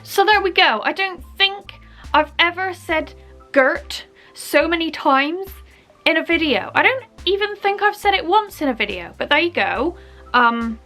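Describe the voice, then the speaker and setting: Playful high-voiced Bristolian woman. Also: animated, moderate pace, pushed and bright, soft background music. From Bristol, England. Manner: playful, chatty, acts out little scenes. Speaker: vlogger. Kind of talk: comedic vlog.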